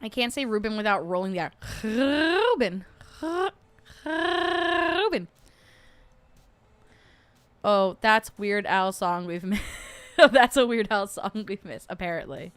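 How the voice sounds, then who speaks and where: A woman's voice: medium pitch, moderate pace, smooth, no room sound. A young adult woman hosting a casual livestream, chatty and playful, laughing often as she rants about food. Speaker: podcast host.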